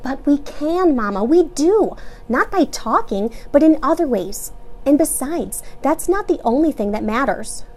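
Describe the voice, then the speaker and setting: A woman's voice: sits high, animated, measured pace, a little mellow, pitched above the performer's own voice. Woman voicing an earnest pleading boy beetle. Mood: upset.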